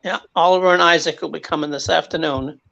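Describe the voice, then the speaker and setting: A man chatting on a live stream, halting and self-deprecating. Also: on the high side, fairly even intonation, gravelly, bright, forceful tone, highs cut off. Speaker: guest. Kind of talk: casual live-stream chat.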